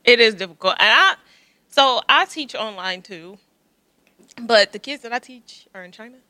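A woman who teaches talks easily in casual conversation and often drops into quieter asides. Her voice is bright and forward. The sound is dry and close to the mic. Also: on the high side, animated, moderate pace, no echo. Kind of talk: casual chat.

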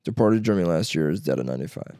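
A young man in casual, joking chat with a friend, swearing and putting on quick voices. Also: low voice, vocal fry, no echo, clean studio sound. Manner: swearing, joking, animated impressions.

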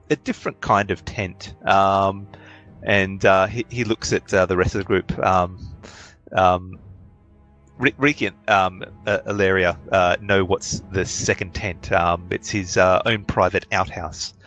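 Man, game master, very deep voice, halting narration, lots of ums. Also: a bit bright, faint music behind. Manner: halting, many ums and uhs.

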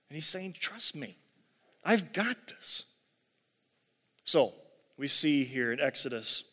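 Young adult man, pastor, casual sermon, fillers and "right?", slightly high voice, long hall echo. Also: fairly bright tone. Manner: conversational, filler-heavy, keeps asking "right?".

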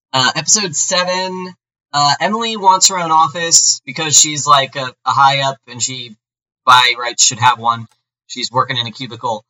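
A man with a very bright, forceful voice walks through a TV episode recap in loose, easygoing podcast chat. His talk rambles and is full of fillers as he co-hosts. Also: fairly high pitch, poor audio. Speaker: podcast co-host.

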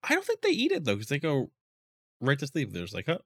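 A man casually recapping a movie, rambling with lots of "like" and quick quoted lines. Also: mid-range voice, huge pitch swings, a bit bright, slightly rough, no echo. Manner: rambling, many "like"s, quotes characters in quick voices.

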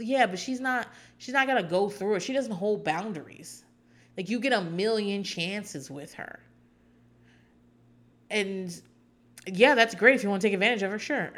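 A woman's voice: mid-range voice, fairly bright tone. A woman hosting a podcast, recapping a reality show in casual, rambling chat with sarcastic asides.

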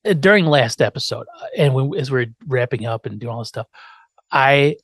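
A man's voice: medium pitch, animated, a little fast, breathy edge, dry recording. A man hosting a podcast, telling an episode's story in a casual chat, acting out quotes and swearing now and then. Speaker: podcast host.

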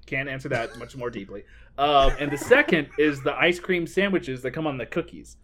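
A man co-hosting a podcast in casual chat, wry, with phrases that trail off softly. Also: mid-range voice, animated, moderate pace. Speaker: podcast co-host.

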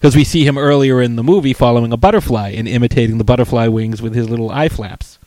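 A man in casual conversation, retelling film scenes in a loose, rambling way full of "like" and restarts. His voice is mid-pitched and sits close to the mic in a dry, dead room. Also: fast talker, darkish tone, dry recording. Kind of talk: casual chat reviewing a film.

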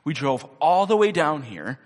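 A man's voice: mid-range voice, a little slow, husky, full character voice. A man playing a young hunter who fakes a furious rant, recorded with a long hall reverb. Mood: fake fury. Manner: loud, worked-up ranting.

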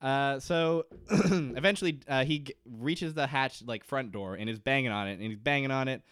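A man's voice: medium pitch, moderate pace, fairly bright tone. A man co-hosting a podcast, casually recapping a TV episode and joking, slipping into silly voices to act out scenes. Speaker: podcast co-host. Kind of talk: casual comedic recap chat.

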